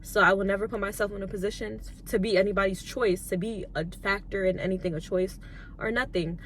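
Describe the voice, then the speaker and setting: A young woman in her twenties telling her life story in an emotional vlog, soft-spoken and on the edge of tears, with many "like"s. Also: mid-range voice, fairly even intonation, brisk, slight background noise. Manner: soft-spoken, filler-heavy, tearful at times. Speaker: YouTuber and lash tech.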